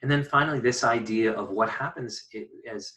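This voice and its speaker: A man giving a recorded poetry lesson, thinking aloud in a casual, halting way with many fillers and restarts. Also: mid-range voice, pushed and bright, recorded from a distance, low-quality recording. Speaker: poetry teacher. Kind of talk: recorded online lecture.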